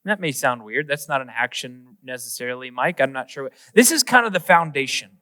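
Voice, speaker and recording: A male pastor preaching a humorous, animated sermon, acting out little everyday scenes. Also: mid-range voice, brisk, long reverb tail.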